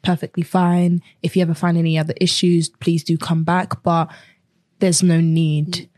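A woman's voice: lowish voice, little pitch movement, moderate pace, darkish tone, no room sound, clean studio sound. A young woman earnestly telling a personal story in a conversation, acting out the things people said to her. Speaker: guest.

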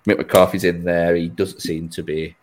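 A man's voice: sits low, level tone, normal speed, slight background noise, poor audio. A man hosting a podcast, chatting casually about football with a rambling, easygoing manner and frequent laughs. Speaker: podcast host.

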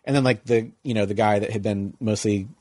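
A middle-aged man telling a long, rambling story in casual conversation, full of likes and you-knows, jumping into high mocking voices to quote people. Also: fairly even intonation, a little fast, darkish tone, no echo.

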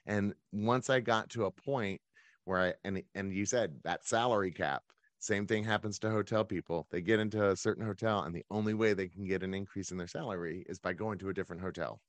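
A man's voice: low-pitched, a little fast, no room sound. A man who runs his own events business, telling his career story as a guest in a conversational interview.

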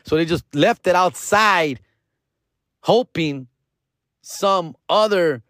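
A man's voice: sits high, slow, dry recording, studio quality. A man, hosting and telling a rambling, profane story full of slang, slipping into Spanish. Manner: rambling, excited retelling. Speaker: podcast host. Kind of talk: casual storytelling.

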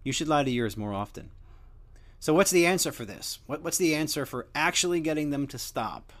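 A young man talks in a loose, rambling way and drifts between jokes and crude asides. His pitch swings lively from low mutters to sudden high bursts. It sounds like a casual show monologue. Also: a little fast. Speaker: podcast host.

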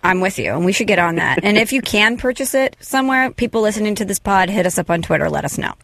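A woman's voice: mid-range voice, expressive, quick pace, vocal fry, a bit bright, slight background noise. A young woman co-hosting a casual podcast, telling stories in a chatty way and laughing often. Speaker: podcast co-host.

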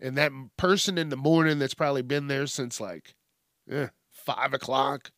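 A man's voice: medium pitch, moderate pace, a bit bright, no echo, clean studio sound. A man hosting a podcast, ranting casually in a rambling, profane and self-mocking way. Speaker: podcast host. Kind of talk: casual comedic rant.

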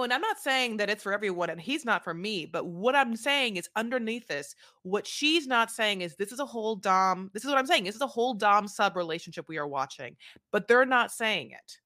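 Woman, podcast co-host, opinionated casual chat, higher and very lively voice. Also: no room sound, clean studio sound. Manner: emphatic, opinionated, quick rambling asides.

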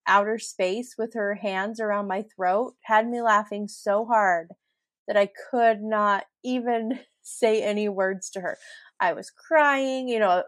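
A woman's voice: a little high, dry recording, clean studio sound. A middle-aged woman hosting a solo podcast, chatty and giggly as she tells stories and laughs through them. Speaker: podcast host. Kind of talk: casual solo podcast storytelling.

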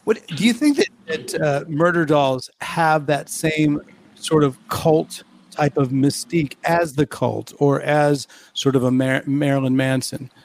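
A man hosting a casual interview, relaxed and joking. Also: on the high side, a little slow, slight background noise. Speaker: podcast host.

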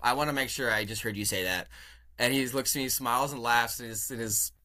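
A young man from California, a podcast guest telling a story in a casual, animated way, often laughing and acting out what people said. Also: mid-range voice, a little fast.

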